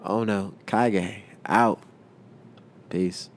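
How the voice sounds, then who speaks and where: Male host narrating a casual fan story, low voice, relaxed and plainspoken. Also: drawn-out words.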